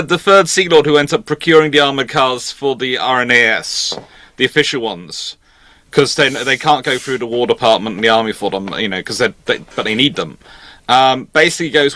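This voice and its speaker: A man with a bright, forceful voice talks history in a relaxed conversation. His sound is close and dry, with no room around it, and he livens his stories with put-on voices. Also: on the high side, dry recording. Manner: animated, acts out voices in anecdotes. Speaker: history channel host. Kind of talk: casual conversation.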